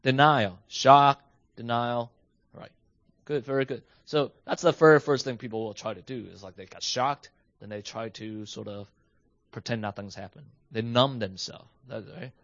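A man teaching a class, quizzing his listeners and jumping up in pitch when he acts out a reaction. The sound is dry and a bit dull. His voice is medium in pitch. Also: moderate pace, no echo. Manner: animated, asks the class questions, switches between English and Mandarin. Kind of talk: bilingual class lesson. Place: home with a basement.

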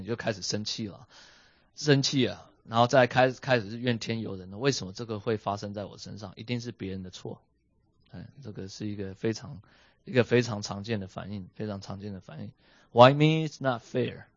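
A man teaching a class, quizzing his listeners and jumping up in pitch when he acts out a reaction. The sound is dry and a bit dull. His voice is medium in pitch. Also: no room sound. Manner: animated, asks the class questions, switches between English and Mandarin. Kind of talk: bilingual class lesson. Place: home with a basement.

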